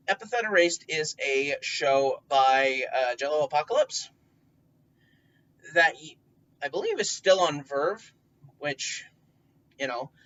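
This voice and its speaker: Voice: medium pitch, a bit bright. Rambling gamer giving tips, distant and dull. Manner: rambling, many fillers and restarts, occasional swearing. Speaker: tabletop game player giving tips. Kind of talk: casual advice monologue.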